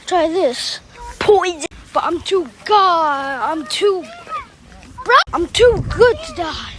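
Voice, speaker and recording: Very high-voiced woman vlogging outdoors. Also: a little slow, slight background noise. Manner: jokey, excitable, blurts out squeals and exclamations. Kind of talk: rambling handheld vlog chatter. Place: outdoor park on a sunny day.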